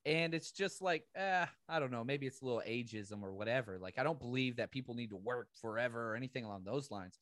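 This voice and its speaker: A man from the Southern United States co-hosting a podcast in casual chat, ranting with animated laughs. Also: medium pitch, quick pace, few pauses, no echo, studio quality. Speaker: podcast co-host.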